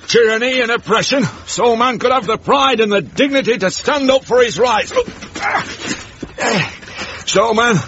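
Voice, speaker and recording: An actor playing a grumpy, beer-loving old uncle with a Northern English accent in a radio comedy drama, wry and mock-pompous. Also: male voice, fairly low pitch, a bit bright, a little hiss or hum. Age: older. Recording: muffled old radio broadcast.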